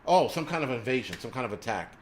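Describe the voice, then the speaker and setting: A man talks on his live stream in a loose, profane rant, full of fillers and restarts. His pitch sits in the middle for a man. A faint hum of room ambience stays in the background. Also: fast. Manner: profane, animated ranting with frequent fillers.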